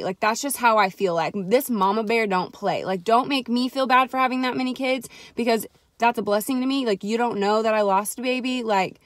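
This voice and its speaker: A young mother, ranting sarcastically to camera in a chatty vlog full of "like" fillers. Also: a little high. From Texas. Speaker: vlogger.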